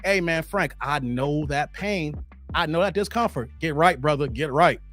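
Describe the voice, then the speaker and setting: A man around forty hosting a casual livestream, slangy and animated, laughing and chatting with viewers. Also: fairly high pitch, normal speed. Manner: animated, slangy, laughs often, chats with the chat. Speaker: livestream host. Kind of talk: casual livestream chat reading viewer comments.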